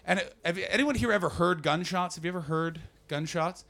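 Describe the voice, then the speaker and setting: Bright-voiced animated male comedian. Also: high voice, brisk. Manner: animated, bursts into loud impressions. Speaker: comedian and podcast host. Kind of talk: comic storytelling.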